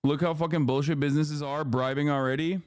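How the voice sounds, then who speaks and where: A fairly high-voiced man from the United States rants about politics on his live stream, swearing freely and mocking people with quick impressions. His voice is recorded dry and close to the mic, with no room sound. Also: fairly even intonation, a little mellow, no room sound. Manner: profane, sarcastic, mocking impressions. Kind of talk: live-stream reaction commentary.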